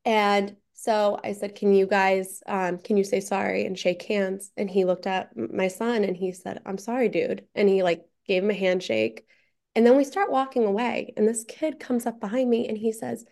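A woman's voice: medium pitch, steady tone, normal speed, gravelly, darkish tone. A woman guest telling a story in casual conversation, full of chatty "like" fillers.

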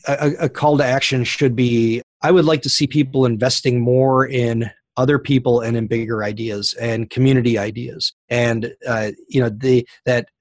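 A man's voice: mid-range voice, steady tone, normal speed, hardly any pauses, no echo, studio quality. A middle-aged man, a professor being interviewed, explaining with enthusiasm and frequent fillers. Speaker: professor and podcast guest. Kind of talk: interview answers.

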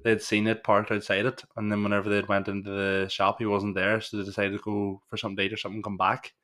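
A man's voice: fairly low pitch, monotone, fast, a bit bright. A Northern Irish man co-hosting a casual podcast chat, telling rambling anecdotes and swearing freely. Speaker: podcast co-host.

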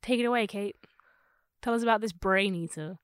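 A woman's voice: medium pitch, fairly quick, clear, resonant tone, no room sound, studio quality. A woman from Liverpool co-hosting a podcast, chatty and teasing, jumping in with questions. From Liverpool, England. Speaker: podcast co-host. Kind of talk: casual chat.

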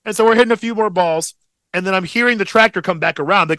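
High-voiced, bright-toned young man telling stories. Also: fast talker, no room sound. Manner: profane, rambling, animated storyteller. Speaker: podcast co-host. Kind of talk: casual storytelling chat.

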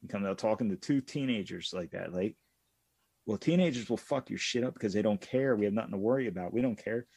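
A man co-hosting a casual podcast, telling profane, animated stories from his youth. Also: fairly low pitch, fast talker, gravelly, husky, no room sound. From Pittsburgh area. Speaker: podcast co-host. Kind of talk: casual storytelling chat.

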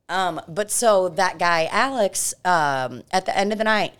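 A woman's voice: on the low side, takes it slowly, clean tone. A woman from Belarus, a podcast co-host, telling stories in casual chat, swearing freely and acting out voices. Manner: animated, swears freely, acts out voices in anecdotes.

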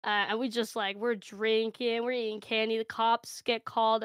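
A woman telling an improvised comic story with brash, deadpan delivery and free swearing. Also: a little high, normal speed, smooth, dry recording, clean studio sound. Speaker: panelist.

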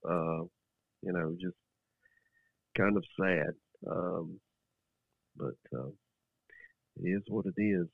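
Very low-voiced man on a tinny line. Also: slow, vocal fry, pauses often, no room sound. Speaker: podcast co-host. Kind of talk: casual chat.

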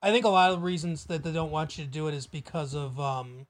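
High-voiced young man, casual podcast chat. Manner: rambling, quick laughs, many restarts. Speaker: podcast co-host.

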